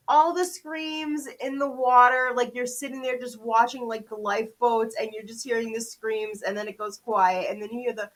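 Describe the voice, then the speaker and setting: Expressive, fairly high-voiced woman. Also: moderate pace. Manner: expressive, jumps pitch when quoting herself, laughs often. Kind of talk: casual storytelling chat.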